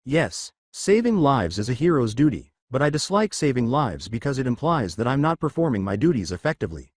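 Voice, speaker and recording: A man's voice: mid-range voice, big pitch swings, brisk, darkish tone, no room sound, clean studio sound. A man voicing a blunt former soldier turned teacher, curt and matter-of-fact.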